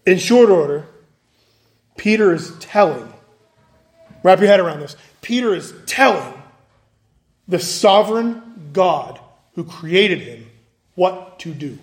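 A man's voice: high voice, lively intonation, takes it slowly, long pauses. A man preaching a conversational evening sermon, acting out the voices of the people he quotes. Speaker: pastor.

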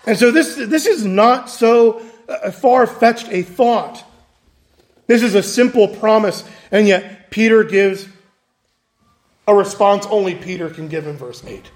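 A man's voice: high voice, a little slow. A man preaching a conversational evening sermon, acting out the voices of the people he quotes. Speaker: pastor.

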